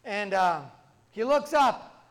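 A man's voice: sits high, animated, slow pace, a bit bright. A male pastor telling humorous stories in a sermon, in a conversational, chained storytelling manner. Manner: conversational storytelling, many "and" links.

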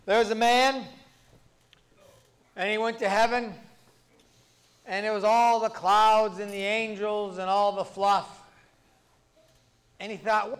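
A male pastor tells humorous stories during a sermon, chaining them together conversationally with many "and" links. His voice is high and his delivery flat, slow, and frequently paused.

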